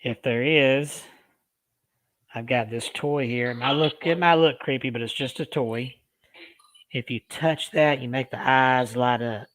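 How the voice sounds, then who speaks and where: Soft-spoken man calling to spirits. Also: medium pitch, unhurried. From Alabama. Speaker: paranormal vlogger. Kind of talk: casual paranormal investigation.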